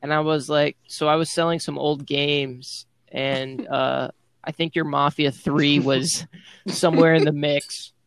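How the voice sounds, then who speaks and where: A man's voice: on the high side, flat delivery, unhurried, fairly bright tone, smooth, no room sound. A young man telling a rambling story to friends on a podcast, packing it with "like.". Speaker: podcast guest. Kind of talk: casual chat among friends.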